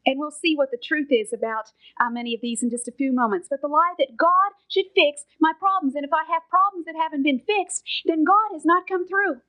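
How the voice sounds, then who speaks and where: A middle-aged woman preaching a sermon as a Bible teacher, earnest and emphatic, sometimes dropping to a soft whisper for stress. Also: high voice, a little fast, hardly any pauses, poor audio.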